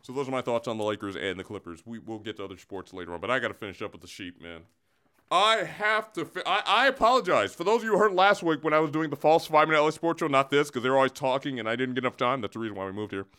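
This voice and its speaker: A man's voice: medium pitch, expressive, fast talker, pushed and bright, smooth. A man hosting a comic sports segment, rambling and boastful in a mock-grandiose way, with lots of restarts. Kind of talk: comedic sports rant.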